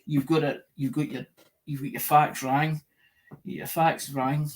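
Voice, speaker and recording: A man chats loosely on a livestream. His voice sits a little high for a man. He circles back on his own words, stumbles over them and swears freely. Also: little pitch movement, unhurried. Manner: repetitive, swears a lot, loses track of words. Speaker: livestream host. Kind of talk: rambling casual livestream chat.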